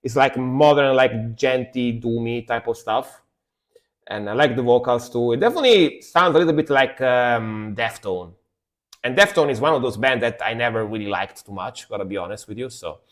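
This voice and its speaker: Man, casual streamer commentary, metal reactions, mid pitch, scats along to riffs. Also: normal speed, a bit bright. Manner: chatty, scats along to the music.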